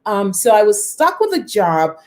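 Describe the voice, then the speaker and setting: A woman's voice: mid-range voice, sing-song, normal speed. A woman in her thirties telling a personal story on a live stream, greeting viewers by name and swinging her voice up and down for drama. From lives near Toronto.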